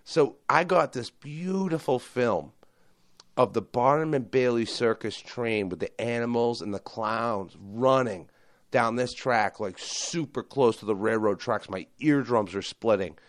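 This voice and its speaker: A man hosting a podcast, chatting loosely and excitably, swearing often. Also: medium pitch, a little slow, no room sound, clean studio sound. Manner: animated, excitable, swears a lot. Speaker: podcast host. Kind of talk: casual profane podcast banter.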